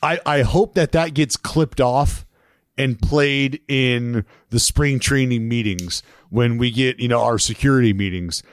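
A man co-hosting a casual baseball podcast who is also a player. He talks in an animated, profane way and laughs often. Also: mid-range voice, a little slow, clean tone, no room sound, studio quality. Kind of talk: casual sports chat.

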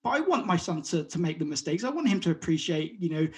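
A man's voice: on the high side, big pitch swings. A man, a guest talking openly in an interview, often repeating and restarting words and acting out what others said. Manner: halting, repeats words, acts out quotes. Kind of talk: conversational interview.

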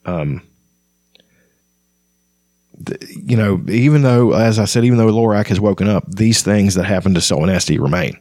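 A man's voice: fairly low pitch, normal speed, pauses often, a little mellow, no room sound, studio quality. A man hosting a casual book discussion, talking conversationally with frequent fillers and restarts.

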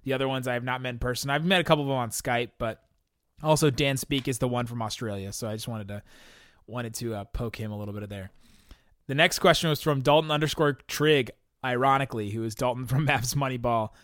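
A man's voice: mid-range voice, fast talker, fairly bright tone, no echo. Dry-sounding young male podcast host. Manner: rambling, laughs often, frequent restarts and fillers. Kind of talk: casual podcast chat answering listener questions.

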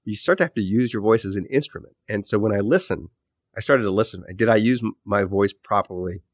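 Thoughtful low-voiced man, dry sound. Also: a little fast, no room sound. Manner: thoughtful, rambling, frequent self-corrections. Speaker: author and podcast host, interview guest. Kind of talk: casual interview talk.

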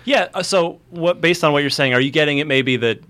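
A man hosting a casual gaming podcast, telling stories in an animated way and acting out quotes. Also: a little high, brisk. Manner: animated, storytelling with acted quotes. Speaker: podcast host. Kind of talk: casual panel chat.

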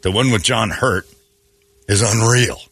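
A man's voice: lowish voice, unhurried, vocal fry, fairly bright tone, slightly rough, no room sound. A man hosting a morning radio show, ranting bluntly and joking in opinionated banter.

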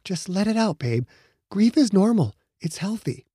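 A man voicing a caring, teasing young woman in an audiobook, gentle and coaxing. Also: high-pitched, big pitch swings, normal speed, slightly rough, dry recording, studio quality, voice pushed up, exaggerated voice. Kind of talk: audiobook narration.

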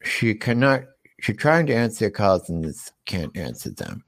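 A man hosting a comedy show, teasing his cohost in a playful, deadpan way. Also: fairly low pitch, moderate pace. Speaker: host.

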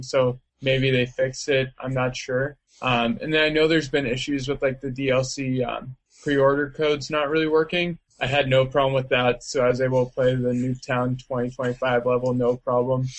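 A man answering interview questions in a loose, rambling way, with lots of fillers. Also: mid-range voice. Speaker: interviewee, video game player. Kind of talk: casual interview chat.

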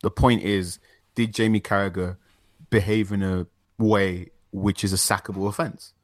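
A man co-hosting a chat show, giving measured, reasoned opinions. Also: fairly low pitch, little pitch movement, no room sound, studio quality. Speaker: podcast co-host. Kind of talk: casual chat.

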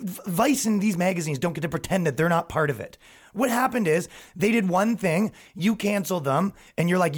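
A young man hosting a podcast, ranting and telling funny stories in a loose, profane way, often acting out the people he quotes. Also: a little high. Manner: animated, profane, quotes people in acted voices. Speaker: podcast host. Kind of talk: casual storytelling rant.

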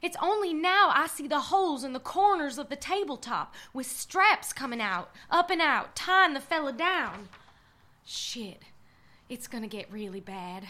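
An actress playing a drunk, frightened young woman who narrates her own ordeal, halting and stammering. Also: high voice, lively intonation, pushed and bright. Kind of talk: first-person audio drama narration.

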